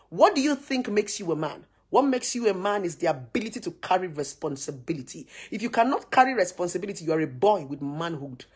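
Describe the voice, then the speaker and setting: A woman with a Nigerian accent delivers an opinionated rant straight to camera. Her voice is husky and a little breathy. She hammers her points home with repeated rhetorical questions and a preachy, forceful delivery. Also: fairly low pitch. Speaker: social media commentator.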